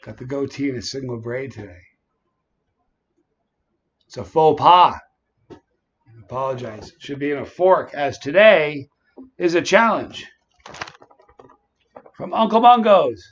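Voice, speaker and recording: A man's voice: fairly high pitch, measured pace, pauses often, dull audio. Chatty man hosting a livestream. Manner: chatty, greets viewers by name. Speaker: livestream host. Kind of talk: casual livestream chat.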